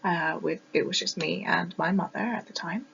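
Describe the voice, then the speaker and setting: A woman's voice: lowish voice, moderate pace, gravelly, a bit bright, muffled recording, a little hiss or hum. A woman in her twenties from Scotland, speaking with a mix of RP English and East Neuk Scottish accent, giving a class presentation with many ums and uhs. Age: 20s. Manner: explanatory, with frequent ums and uhs. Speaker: student presenter.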